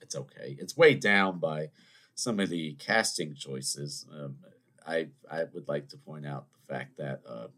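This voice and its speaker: A young man, hosting a podcast in a casual solo chat. He rambles, jokes at his own expense and talks in an animated way. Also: rumbling low, unhurried. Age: 20s. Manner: animated, rambling, self-mocking. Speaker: podcast host.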